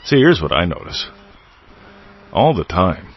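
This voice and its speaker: A man's voice: deep voice, very animated, measured pace, dull audio, a little hiss or hum. A man hosting a podcast, teaching in a loose, playful way with wordplay and asides. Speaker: podcast host. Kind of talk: casual spiritual teaching monologue.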